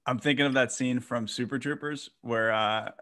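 A man's voice: medium pitch, steady tone, normal speed, fairly bright tone. A man co-hosting a casual chat, jokey, chiming in with asides and references. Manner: jokey, chimes in with pop-culture asides.

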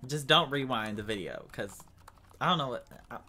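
A gaming streamer delivers casual, dramatic commentary, calling his viewers "y'all" and screaming when he gets scared. His medium-pitched voice is animated, bright and forceful at a moderate pace, with slight background noise.

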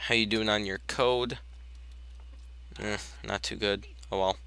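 A young man gives casual let's-play commentary in a lowish, gravelly voice with a sharp, clean tone, fairly even intonation, and a slightly slow pace. He chats away to his sims on screen and bursts out in exasperation now and then.

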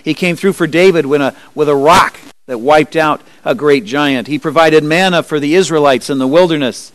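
A measured man preaching a sermon. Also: a little high. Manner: measured preaching with occasional restarts. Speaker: pastor. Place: church sanctuary.

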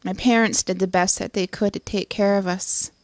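A middle-aged woman giving an earnest personal testimony, halting, with many restarts and fillers. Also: mid-range voice, steady tone, dry recording, studio quality. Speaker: testimony speaker.

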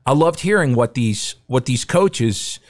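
A middle-aged man, a podcast guest, telling a story in casual, animated chat and acting out the quotes. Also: medium pitch, unhurried.

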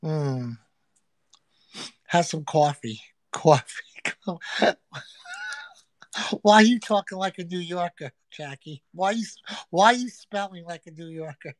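On a casual livestream from a friend's home, a loud, crude woman hosts, teasing and swearing freely in brash, playful banter. Her middle-pitched voice is dry and close with little echo, and she speaks slowly, with lively intonation and long pauses.

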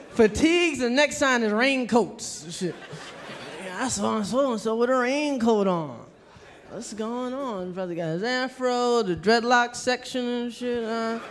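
Brash high-voiced stand-up comic. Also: male voice, a bit bright, slight background noise. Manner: brash, profane, rapid-fire. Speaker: stand-up comedian. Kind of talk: stand-up routine. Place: comedy club stage.

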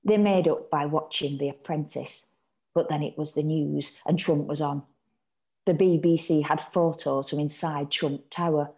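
English actress reading a story, lowish voice, goes hushed in the tense bits. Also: female voice. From England. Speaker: actor reading a short story. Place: home.

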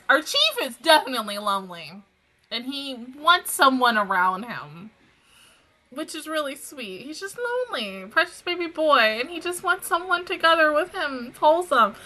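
A woman's voice: fairly high pitch, pushed and bright. A woman hosting an anime reaction video, chatting casually, gushing and giggling, with slangy asides. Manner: gushing and giggly, breaks into laughter. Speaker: anime reaction channel host.

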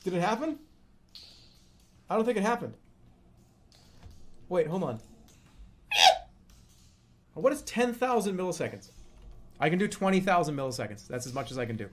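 A man streaming live in casual banter, joking, laughing often, swearing and bursting into shouts. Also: high voice, animated, moderate pace, long pauses.

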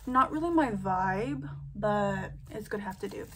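A woman's voice: medium pitch, expressive, a little slow, noisy background. A young woman vlogging in a chatty, playful way, calling her viewers girl. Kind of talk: casual vlog chat.

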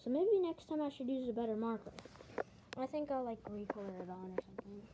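A woman's voice: fairly high pitch, animated, brisk, rough recording. A woman rambling casually through a show-and-tell vlog at home, often correcting herself as she talks. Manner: rambling, chatty, self-correcting. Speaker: collector showing plush toys. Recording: loud background noise with clicks.

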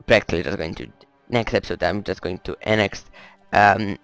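Male gameplay commentator, low and gravelly, rambling casual delivery, dry close mic. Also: no echo, low-quality recording. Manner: rambling, muttering, swears at the game. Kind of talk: casual let's-play commentary.

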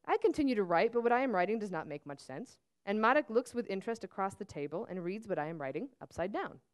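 A woman from Serbia reads her own novel aloud in a measured, steady first-person voice. Her tone is smooth and clear, with a mid-range pitch. She reads at a museum auditorium event. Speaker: author reading her novel. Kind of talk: literary reading, first-person narration.

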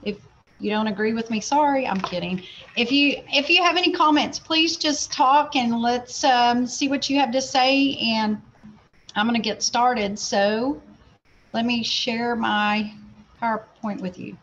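A laid-back woman in her forties from Oklahoma speaks with a Southern Oklahoma accent and a fairly high voice. She presents to fellow teachers over a video call, casual and self-deprecating. The audio is a bit muffled, with a faint hiss behind her. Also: a little slow, a bit bright. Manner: laid-back, apologetic, talks herself through steps. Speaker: health science teacher presenting.

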